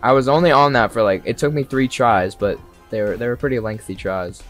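A young man doing live commentary on a horror game, excitable and swearing freely, talking straight to the characters and breaking into sudden yells. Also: medium pitch, brisk. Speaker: streamer. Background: faint game music.

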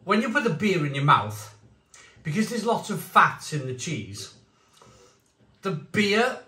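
A man reviewing beer and cheese on his channel, rambling excitedly, with bursts of shouting. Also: high-pitched, a little slow, echoey room, distant mic. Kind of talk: enthusiastic tasting vlog.

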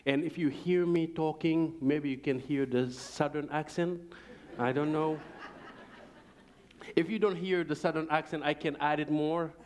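Slow, fervent man preaching. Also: a little high, fairly even intonation, darkish tone, slight background noise. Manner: fervent, preaching cadence with grammar slips. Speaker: guest speaker. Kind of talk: church testimony. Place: church sanctuary.

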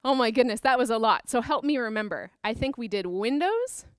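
A woman's voice: on the high side, lively intonation, brisk, no echo, clean studio sound. A woman teaching a creative movement dance class for children, upbeat and encouraging as she counts out the moves. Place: dance studio with a piano.

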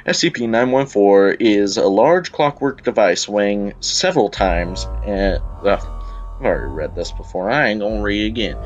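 A young man with a low voice and a Southern drawl chats his way through a game. He rambles and breaks off mid-sentence as he talks into a computer camera mic at home, with faint music behind him. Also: expressive, moderate pace, lo-fi sound. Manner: rambling, chatty, self-interrupting. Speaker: gameplay YouTuber. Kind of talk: casual let's-play commentary.

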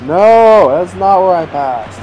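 A young man in casual gaming chat, excitable and self-mocking, laughing often at his own mistakes. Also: sits high, slow, muffled recording, background noise. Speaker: gamer.

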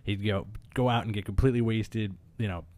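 A man with a lowish voice co-hosting a comic book chat. He talks with eager enthusiasm, rambling and filling gaps with "like" and "um", over a dry, close sound. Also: fairly quick, darkish tone, dry recording. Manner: enthusiastic, rambling, filler-heavy. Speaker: podcast co-host.

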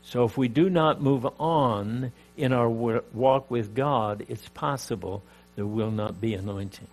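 An older Canadian man preaches a sermon in an unhurried, medium-pitched voice with a darkish tone. He is emphatic, his volume rising and dropping, and he throws in asides and jokes for his audience.

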